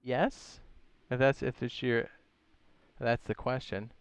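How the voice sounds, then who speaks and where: A man's voice: medium pitch, fairly even intonation, slow pace, clear, resonant tone, no room sound. Chatty man explaining game mechanics. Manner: chatty, explains step by step while reading chat questions aloud; playful asides and goofy sound effects. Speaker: game streamer. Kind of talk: casual live-stream game tutorial.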